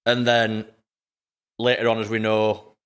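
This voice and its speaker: A man's voice: on the low side, monotone, a little slow, fairly bright tone, smooth. A man hosting a podcast, casually prompting his guest with friendly, matey questions. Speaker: podcast host. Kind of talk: casual interview.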